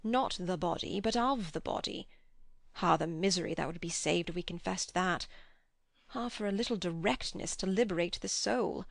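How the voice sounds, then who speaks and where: A woman's voice: fairly low pitch, normal speed, creaky, no echo. A woman voicing an earnest, passionate old man who pleads and preaches. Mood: impassioned. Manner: impassioned, preaching.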